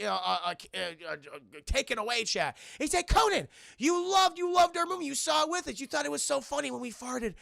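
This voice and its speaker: A man's voice: high voice, creaky, pushed and bright, no room sound, studio quality. A young man streaming a live film review, recapping scenes to his chat with frequent laughter, loose swearing and acted-out quotes. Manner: laughs often, swears freely, acts out quotes.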